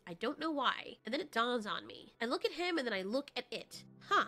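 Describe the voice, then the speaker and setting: A woman voicing a cocky, high-pitched dinosaur girl. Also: big pitch swings, fairly quick, sharp tone, soft background music. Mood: fierce. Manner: boastful, easily annoyed, snarky. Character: proud, hot-tempered female dinosaur. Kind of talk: first-person story narration.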